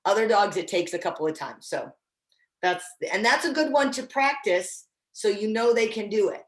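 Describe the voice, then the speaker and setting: A woman's voice: mid-range voice, animated, moderate pace, echoey room. A woman instructor teaching dog training in a casual, encouraging way, often restarting her sentences. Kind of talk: online training class.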